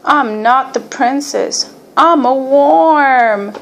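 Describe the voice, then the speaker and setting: A woman's voice: on the high side, big pitch swings, slow, full character voice. A woman voicing a young girl cast as a worm in a school play, earnest and a little wistful.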